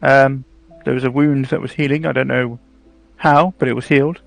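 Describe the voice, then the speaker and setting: A man voicing a quiet metal construct with no memory, speaking slowly and reflectively in a tabletop role-play. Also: medium pitch, steady tone, vocal fry, no room sound, faint music behind, close to an everyday voice. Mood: wistful.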